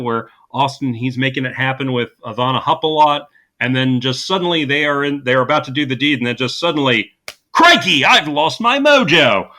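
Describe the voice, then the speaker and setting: Bright-voiced man recapping a movie. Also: medium pitch. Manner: dry sarcastic humor with frequent fillers and restarts. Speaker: podcast co-host. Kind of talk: casual podcast movie recap.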